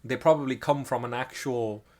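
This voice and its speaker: A man's voice: mid-range voice, normal speed, darkish tone. A man co-hosting a podcast, talking casually in a rambling, self-correcting way with frequent chuckles. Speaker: podcast co-host. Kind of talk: casual chat.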